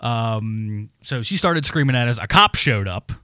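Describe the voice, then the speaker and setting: A man co-hosting a podcast, telling a story in a casual, animated, heavily profane rant. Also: medium pitch, a little slow, smooth, no echo, studio quality. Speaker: podcast co-host.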